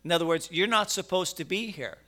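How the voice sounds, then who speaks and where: A man's voice: high-pitched, animated, fairly quick, bright, forceful tone. A middle-aged male pastor preaching a conversational sermon, with stammering restarts and emphatic bursts.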